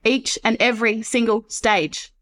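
A woman's voice: fairly high pitch, fairly even intonation, measured pace, a bit bright. A woman guest on a podcast, speaking earnestly and reflectively about her life in casual conversation. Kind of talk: casual interview chat.

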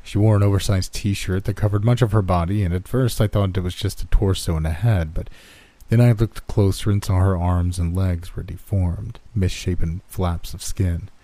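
Brief: low, dark-toned male narrator for a horror story, slow and hushed. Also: fairly even intonation, no echo.

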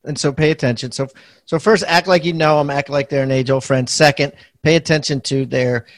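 A man's voice: on the high side, steady tone, fairly quick. A man hosting a podcast interview, telling anecdotes animatedly and laughing easily. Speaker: podcast host.

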